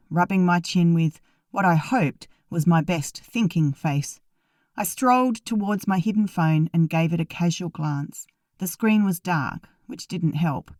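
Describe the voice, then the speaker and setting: Woman narrating an audiobook, low and dry. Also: darkish tone, dry recording. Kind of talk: first-person audiobook narration.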